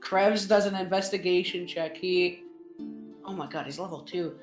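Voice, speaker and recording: A woman's voice: lowish voice, moderate pace. Rambling woman game master. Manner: rambling, many fillers and restarts. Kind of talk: narrating a tabletop game. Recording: roomy with faint music.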